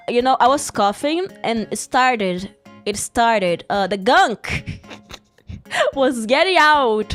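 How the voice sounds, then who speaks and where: Her voice is on the high side and fairly bright as this woman streamer, still getting over a cough and sore throat, rambles and giggles through casual livestream chat. Mid-story, she stops to greet chat.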